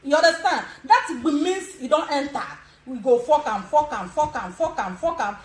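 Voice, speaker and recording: A Nigerian woman in her sixties gives bold, chatty instructions and laughs often. Her voice is high, and it rings around an echoey room. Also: lively intonation, normal speed. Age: 60s. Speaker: live video host. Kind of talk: social media live demonstration.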